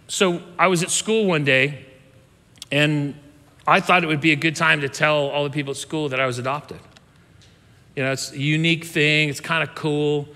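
A pastor in his fifties tells a story from his childhood in an easygoing sermon style, stopping and restarting his sentences as he goes. His voice is high and bright. A long reverb trails behind him, as in a big hall. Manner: conversational, self-interrupting with restarts.

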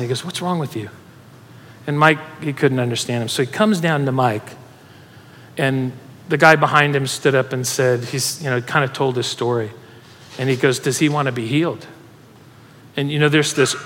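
Emotional pastor in a reverberant hall. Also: male voice, on the high side. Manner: animated, laughing, emotional storyteller. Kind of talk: sermon storytelling. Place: church hall with audience.

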